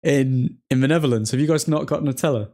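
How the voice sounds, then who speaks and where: A young man of middle pitch hosts a livestream in a loose, chatty way. He mixes match reactions with easy replies to his viewers. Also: a little fast, dark tone. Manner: chatty, reacting to the game and replying to chat. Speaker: livestream host. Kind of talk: casual live match commentary with viewers.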